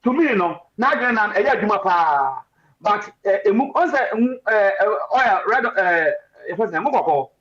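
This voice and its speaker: Ghanaian guy on a radio panel, high voice, kinda preachy, muffled lo-fi stream. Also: moderate pace. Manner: excitable, mixing Twi and English, preachy. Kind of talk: animated talk radio discussion.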